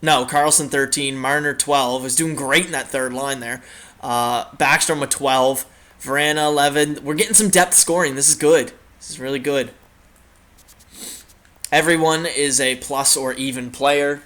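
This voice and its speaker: A man's voice: mid-range voice, fairly even intonation, a little slow, pushed and bright. A young man casually commenting on a hockey video game as its host, rambling with many fillers and the odd swear. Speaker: gaming channel host.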